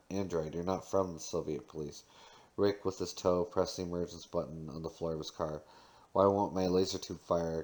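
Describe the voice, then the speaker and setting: A man's voice: sits low, a little mellow. A man reading a novel aloud, doing the narration and dialogue in his own voice, with occasional slips and restarts. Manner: reads with small slips and restarts. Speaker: audiobook reader.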